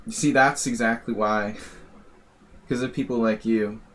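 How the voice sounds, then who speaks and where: A man's voice: on the low side, fairly even intonation, unhurried, a bit bright. A man streaming blitz chess and chatting casually, wry and rambling, laughing at his own jokes. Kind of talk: casual live-stream chat.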